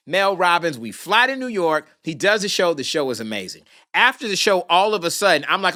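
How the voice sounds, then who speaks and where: A man's voice: on the high side, fairly quick. A man, a guest on a podcast, telling a story with drama and acting out the people in it. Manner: lively, dramatic, acts out the people in his story. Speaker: podcast guest, film producer. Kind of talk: animated storytelling.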